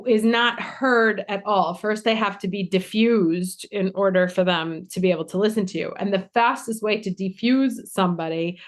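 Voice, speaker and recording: A woman's voice: medium pitch, moderate pace, few pauses. Enthusiastic woman podcast host. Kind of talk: conversational interview.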